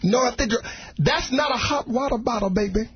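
A man voicing a loud, scolding Southern father who yells at his children, with a brash hollering delivery and a Southern accent. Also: very high-pitched, fairly quick. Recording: dull radio audio with crowd.

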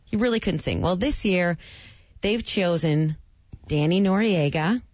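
Wry female co-host, lower voice. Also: animated, measured pace, a little mellow, dry recording. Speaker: talk show co-host, news reader. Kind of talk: casual chat reading news items. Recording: dull dry lo-fi broadcast sound.

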